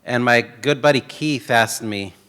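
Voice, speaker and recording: A man's voice: medium pitch, a little slow, fairly bright tone, smooth, long reverb tail. A middle-aged man giving a conference keynote talk, a joking, rambling storyteller. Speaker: keynote speaker.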